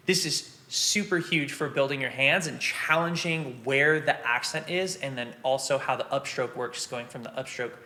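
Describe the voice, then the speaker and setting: A drum teacher with a mid-range voice speaks at normal speed with hardly any pauses, casually walking through rudiments step by step and counting the beats out loud. His instruction competes with loud snare drumming and metronome clicks in the background.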